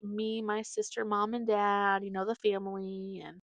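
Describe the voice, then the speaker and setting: A woman's voice: mid-range voice, flat delivery, moderate pace, no echo, dull audio. A young adult woman hosting her own podcast, telling stories in a casual, rambling way full of fillers. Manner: rambling, filler-heavy storytelling. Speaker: podcast host. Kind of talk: casual chat.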